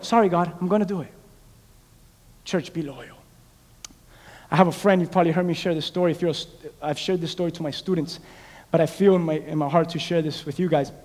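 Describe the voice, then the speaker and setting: A man preaching, his voice pitched high for a man. He calls out to the congregation, then drops low to tell a story. The sound rings with the long reverb of a big church hall. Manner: call-and-response preaching, swinging from shouted exhortation to hushed storytelling. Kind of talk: sermon.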